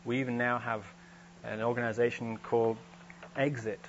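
A man's voice: medium pitch, level tone, moderate pace. A man preaching a sermon in a conversational, storytelling way, with frequent restarts. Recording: dull, slightly noisy lo-fi recording with hum.

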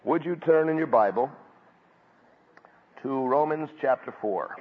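A man preaching a sermon from scripture, building up to loud emphatic peaks and then dropping back low. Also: lively intonation, unhurried, slightly rough. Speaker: pastor. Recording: dull audio with long hall reverb.

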